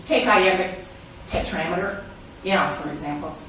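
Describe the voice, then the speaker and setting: A woman's voice: fairly low pitch, moderate pace, fairly bright tone. Woman performer, chatty and profane comic delivery, very reverberant space. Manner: chatty, profane and playful, laughing often. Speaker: stage performer. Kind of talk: comedic spoken-word performance. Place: live performance venue. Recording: very echoey room, mic far off, audible noise.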